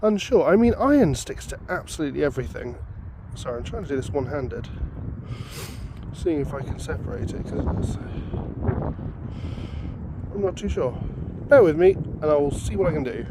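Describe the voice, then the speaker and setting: A man's voice: a little high, lively intonation, normal speed, noisy background. A man chatting upbeat to viewers while he works outdoors in a field. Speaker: metal detecting vlogger. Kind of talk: casual outdoor vlog commentary.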